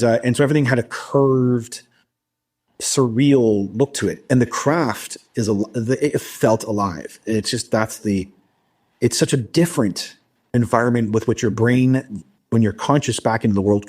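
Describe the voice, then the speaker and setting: A man recounting a personal experience in a halting, casual interview style, with frequent restarts. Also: mid-range voice, darkish tone, breathy edge. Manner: halting, many restarts and fillers. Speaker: guest recounting an abduction experience.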